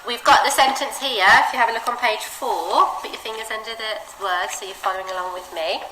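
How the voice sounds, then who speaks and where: A woman with an English accent teaching a child to read aloud, modelling phrases with big, expressive changes of voice and lots of encouragement. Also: on the high side, a little fast. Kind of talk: one-to-one reading lesson with a child. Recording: echoey room with background noise.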